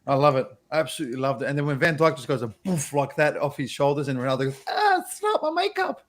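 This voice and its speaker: A man's voice: mid-range voice, steady tone, very fast. A man with a Liverpool accent, a podcast guest, elated and emphatic in casual chat.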